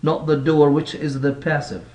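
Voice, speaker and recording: A male English teacher with as his gives a recorded lesson. He explains slowly, rephrases his points and asks the class rhetorical questions. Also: on the high side, little pitch movement, darkish tone.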